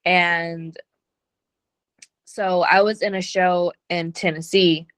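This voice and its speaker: Young woman wrestler, relaxed answers. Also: lowish voice, takes it slowly, clear, resonant tone, no echo. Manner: relaxed, many "um" and "like". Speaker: wrestler, guest. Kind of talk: interview answers.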